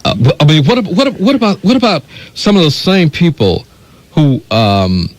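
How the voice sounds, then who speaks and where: An American man hosting a radio interview, asking halting, searching questions. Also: fairly high pitch, big pitch swings, low-quality recording. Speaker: radio host.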